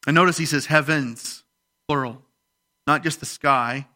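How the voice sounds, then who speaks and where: A male pastor preaching a sermon, rising in emphasis on scripture readings and dropping quiet for personal stories. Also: on the high side, unhurried.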